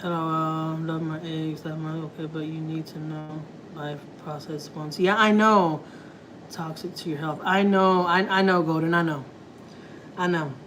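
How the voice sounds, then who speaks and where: A woman's voice: low voice, steady tone, a little slow, a bit bright, slight background noise, low-quality recording. A woman chatting casually to her live viewers while cooking in her home kitchen. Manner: chatty, slangy, laughing asides. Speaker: family vlogger.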